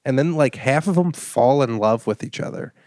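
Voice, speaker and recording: A man's voice: mid-range voice, expressive, normal speed, a little mellow, no echo, clean studio sound. A man co-hosting a casual comedy podcast, easygoing and giggly.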